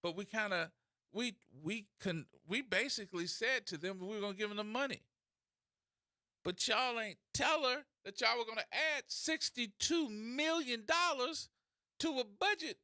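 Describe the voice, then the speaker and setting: A man hosting a talk radio show, ranting in a mocking, animated way and slipping into imitation voices. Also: very high-pitched, normal speed, no room sound, clean studio sound. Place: radio studio.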